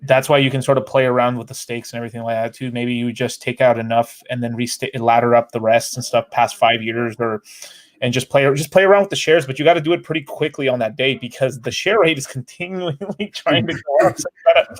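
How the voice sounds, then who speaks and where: A man's voice: mid-range voice, steady tone, quick pace. Chatty man explaining with hedges. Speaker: co-host. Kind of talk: casual crypto chat.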